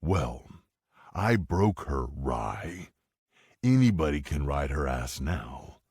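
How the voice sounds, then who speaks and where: A man's voice: a bass voice, lively intonation, slow, darkish tone, husky, dry recording, studio quality, full character voice. A man voicing a blunt, fierce tough man who speaks with threatening bluntness in an audiobook. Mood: angry threatening.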